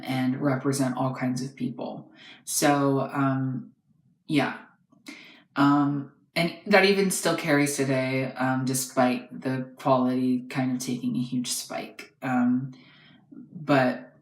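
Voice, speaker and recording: A young man reviewing dolls in a casual, rambling way, hesitating often and filling pauses with fillers. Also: mid-range voice. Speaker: doll reviewer. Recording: echoey room.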